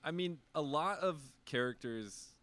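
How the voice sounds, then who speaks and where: A man co-hosting a podcast in lively, casual chat. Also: a little high, measured pace, clear, resonant tone. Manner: animated, laughs easily. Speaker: podcast co-host.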